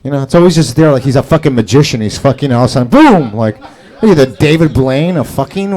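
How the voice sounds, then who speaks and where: A man's voice: mid-range voice, animated, fast talker, few pauses, darkish tone. A man doing open mic stand-up, rambling and profane, laughing at his own jokes. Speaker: stand-up comedian. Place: comedy club stage.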